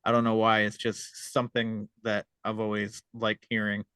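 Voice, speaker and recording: Male podcast host, relaxed and filler-heavy, smooth voice, dry booth sound. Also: on the low side, normal speed, no room sound. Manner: laid-back, filler-heavy. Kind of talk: casual chat.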